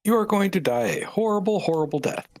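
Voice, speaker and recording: A woman's voice: mid-range voice, expressive, fairly quick, a little mellow, close to an everyday voice. A woman on game voice chat voicing an ominous psychic hotline fortune-teller who makes dramatic, doom-laden pronouncements.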